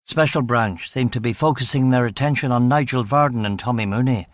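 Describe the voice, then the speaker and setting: A man reading an audiobook, voicing a cautious middle-aged factory manager who explains things in a measured, guarded way. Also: mid-range voice, no room sound, clean studio sound, natural voice.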